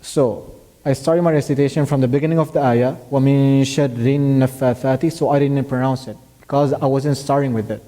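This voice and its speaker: In a mosque classroom, a man teaches tajweed, patiently explaining where Arabic letters are pronounced, quizzing his student, and reciting verses as examples. His medium-pitched voice is mellow, fairly even, and a little fast, with a long reverb tail.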